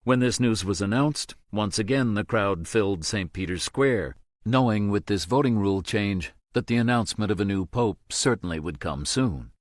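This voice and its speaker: A man narrating an audiobook in a steady, measured way. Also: lowish voice, no room sound, studio quality.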